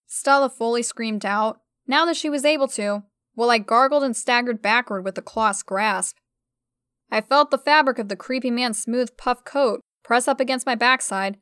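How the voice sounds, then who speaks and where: Smooth-voiced woman narrating a story. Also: fairly high pitch, fairly bright tone, dry recording, clean studio sound. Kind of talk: first-person audiobook narration.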